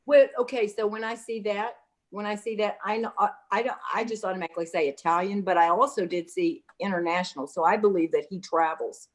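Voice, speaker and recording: A woman's voice: medium pitch, brisk. A woman giving psychic readings in a casual, chatty way, calling the viewer honey. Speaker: psychic reader. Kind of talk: casual livestream reading chat.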